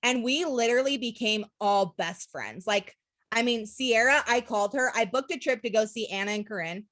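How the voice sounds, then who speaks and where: A woman's voice: on the high side, normal speed, a bit bright, dry recording. A young woman from Utah telling her network marketing story in a casual, candid way, full of "like" and "literally" and the odd swear word. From Utah, USA.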